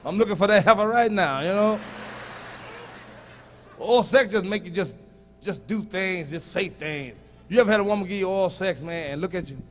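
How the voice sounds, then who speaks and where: A male stand-up comedian performing a profane set, teasing the audience and shouting punchlines at them. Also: high voice, moderate pace, long pauses, slight background noise.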